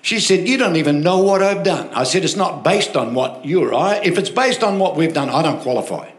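A man's voice: fairly high pitch, fairly quick. An older man with an Australian accent, a pastor telling stories in a sermon and calling for amens. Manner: storytelling, animated, asks crowd for amens. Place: church hall. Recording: echoey hall with music behind.

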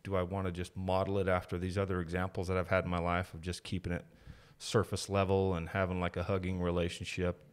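A man in his thirties with a very low voice shares his story on a podcast. He talks in a candid, reflective way, an easy conversational flow. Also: completely flat delivery, quick pace, few pauses, clean tone. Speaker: podcast guest. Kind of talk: casual conversation.

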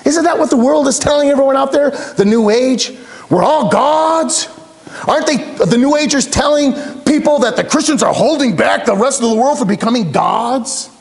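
A male pastor delivering a sermon in a church, dropping low and slow on key words and rising to urgent questions. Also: vocal fry.

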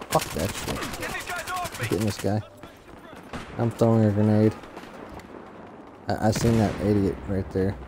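A man's voice: on the low side, background noise. A man giving live commentary on a shooter game he is playing, frustrated and swearing in exasperated outbursts. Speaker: gaming channel host. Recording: game gunfire behind voice. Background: gunfire and explosions from the game.

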